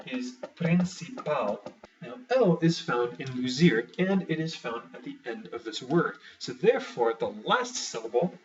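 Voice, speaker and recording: A man teaching a language lesson, walking through rules step by step with dry, wry asides. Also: medium pitch. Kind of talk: explaining a lesson. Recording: muffled, somewhat distant mic.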